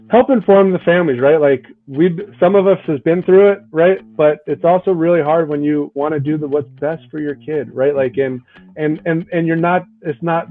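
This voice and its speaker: A man's voice: mid-range voice, dark tone. A man being interviewed as a guest hockey coach, talking earnestly and often tagging his points with "right? like". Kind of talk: conversational interview answers. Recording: tinny phone-like line, dry.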